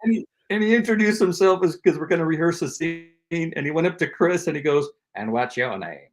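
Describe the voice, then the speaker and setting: A man guesting on a podcast, telling animated stories and acting out quotes from his work as a performer. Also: a little high, quick pace, soft background music. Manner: animated anecdote teller who acts out quotes. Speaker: guest actor, comedian and voice actor. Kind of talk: casual interview storytelling.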